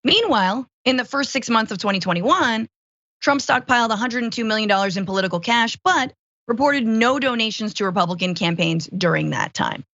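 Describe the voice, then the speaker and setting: A woman's voice: fairly high pitch, lively intonation, fairly quick, a bit bright, no room sound. Woman fill-in host, sarcastic political banter, dry dull lo-fi sound. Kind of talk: casual political chat.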